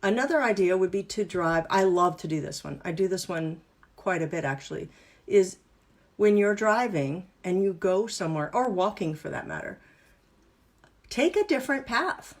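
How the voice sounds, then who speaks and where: A woman's voice: on the low side, animated, normal speed. A woman coach leading a live online workshop, explaining exercises in an upbeat, playful, instructive way. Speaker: wellness and business coach.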